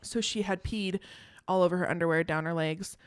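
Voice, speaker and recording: A woman's voice: on the low side, brisk, clear, resonant tone, dry recording, studio quality. Chatty young mother telling a story. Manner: chatty storyteller, animated retelling. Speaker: podcast co-host. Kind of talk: casual chat.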